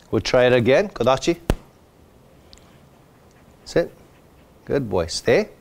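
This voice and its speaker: A man demonstrating dog obedience training, calmly explaining each step and breaking into high, happy praise for the dog. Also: slow pace, creaky, long pauses. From Hawaii. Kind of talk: outdoor demonstration lesson.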